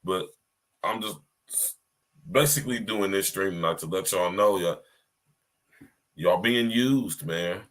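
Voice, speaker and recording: Low-pitched and fairly bright, this man talks at a normal pace but leaves long pauses. As host of a podcast livestream, he rambles emphatically straight at his listeners, repeating himself and frequently checking if they can hear him.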